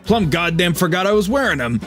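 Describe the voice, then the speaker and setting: A man's voice: high voice, sing-song, brisk, fairly bright tone, soft background music, pitched above the performer's own voice. A man putting on a swaggering New York yakuza boss. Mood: teasing. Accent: New York (put on). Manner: swaggering, profane, teasing. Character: brash crude male yakuza boss with a New York accent. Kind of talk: voicing game dialogue on a stream.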